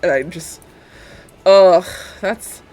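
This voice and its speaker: A woman's voice: on the low side, drawn-out words, a little mellow, soft background music. A young woman live-streaming a building game, chatting casually and sarcastically and laughing often.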